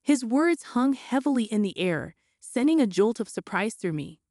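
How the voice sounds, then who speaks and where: A woman giving expressive first-person scripted story narration, her pitch jumping up on questions. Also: moderate pace, no echo, clean studio sound.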